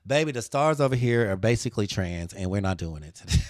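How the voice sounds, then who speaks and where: A man's voice: lowish voice, animated, quick pace, dry recording. A man hosting a live design tutorial, talking to viewers in a playful, sassy way.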